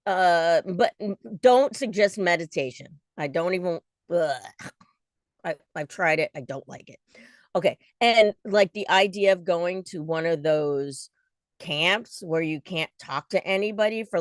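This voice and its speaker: A woman's voice: mid-range voice, no room sound, studio quality. A woman in her forties chatting in a casual vlog, restless and self-deprecating, with lots of fillers. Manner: talks in restless bursts with many fillers. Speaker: vlogger.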